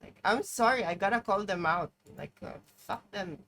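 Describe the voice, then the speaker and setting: A woman's voice: mid-range voice, lively intonation, normal speed, fairly bright tone. A woman streaming live, commenting on her game in an exasperated, profane way, peppering her talk with "like". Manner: exasperated, profane, heavy use of "like".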